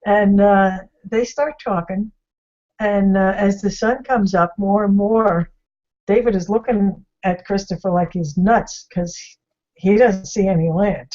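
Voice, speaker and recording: A woman's voice: mid-range voice, steady tone, measured pace, warm tone, lo-fi sound. A woman hosting an online discussion, casually retelling a story, rambling and full of fillers and restarts. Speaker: discussion host. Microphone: video call.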